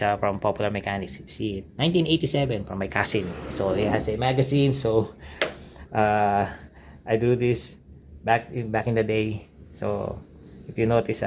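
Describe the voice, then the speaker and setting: A middle-aged man with a fairly low voice walks through his old sketchbooks in a loose, rambling way. He stops and restarts often and fills pauses with "uh" as he talks. A faint hiss of noise sits under the recording. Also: a little mellow. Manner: rambling, many fillers and restarts, enthusiastic about aircraft. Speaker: art channel host. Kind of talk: casual sketchbook tour narration.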